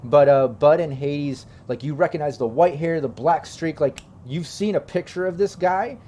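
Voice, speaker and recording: A man narrating a tabletop game as game master, in a relaxed and rambling way. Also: a little high, normal speed, a little hiss or hum.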